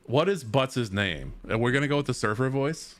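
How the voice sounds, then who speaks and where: Male streamer, casual let's-play chat, joking, lively intonation. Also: medium pitch, normal speed. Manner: chatty and joking, reads game text aloud.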